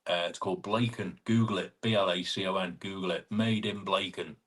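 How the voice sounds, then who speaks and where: A man's voice: deep voice, steady tone, a little fast. A man hosting a casual live stream, greeting viewers by name and teasing them in friendly banter. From England (Chester).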